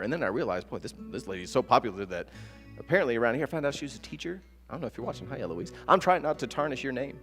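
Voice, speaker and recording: A man's voice: medium pitch, very fast. Guy pastor giving a sermon, acts out little stories, big echoey church hall. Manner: animated storytelling with acted-out quotes. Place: church sanctuary. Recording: long church reverb with soft guitar.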